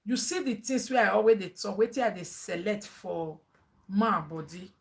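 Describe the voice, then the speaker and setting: A woman's voice: mid-range voice, moderate pace, vocal fry. A woman with a Nigerian accent, a mother chatting animatedly in a family vlog, laughing often and mixing English with pidgin.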